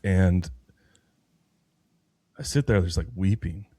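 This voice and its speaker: In a deep, mellow voice and slow pace, a podcast guest in his thirties recounts his personal faith journey conversationally, earnest and meandering, often restarting his sentences. The recording has no echo.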